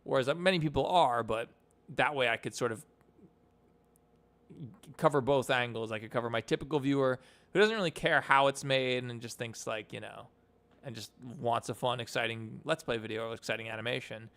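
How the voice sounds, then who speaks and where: A man's voice: mid-range voice, brisk, a bit bright, smooth. A young man casually chatting on a live stream about animation, rambling with lots of fillers.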